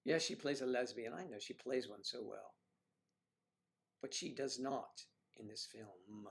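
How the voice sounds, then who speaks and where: A man's voice: mid-range voice, a little slow, vocal fry. Chatty, teasing man hosting a livestream. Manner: chatty, teasing, jokey asides. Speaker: livestream host. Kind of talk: casual chat reading viewer comments.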